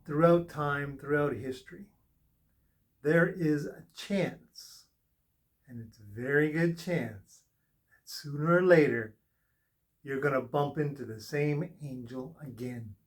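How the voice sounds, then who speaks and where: Slow, earnest man giving tarot readings. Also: a little high. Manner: earnest, repetitive reassurances. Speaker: tarot reader.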